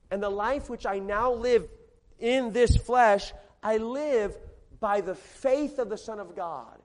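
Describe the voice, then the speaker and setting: High-voiced emphatic male preacher. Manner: emphatic, repeats phrases, swings between loud and soft. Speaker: pastor. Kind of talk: sermon. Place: large church hall.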